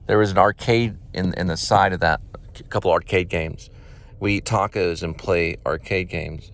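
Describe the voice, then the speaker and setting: A man's voice: sits low, a bit bright. A man talking in a rambling, meandering way while driving around, reminiscing as he goes. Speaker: vlogger.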